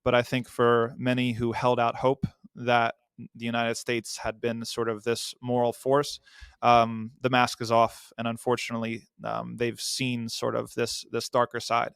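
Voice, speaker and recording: A man speaking as a podcast guest, answering in an earnest, measured way with some fillers. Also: medium pitch, completely flat delivery, vocal fry, fairly bright tone, clear, resonant tone, dry recording, studio quality.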